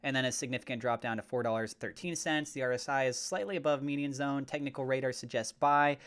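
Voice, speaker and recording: A man's voice: mid-range voice, fast, clean tone. Man walking through crypto charts. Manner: steady level-by-level price talk with fillers; mock-gushing and over the top when praising. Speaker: crypto channel host. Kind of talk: chart analysis commentary.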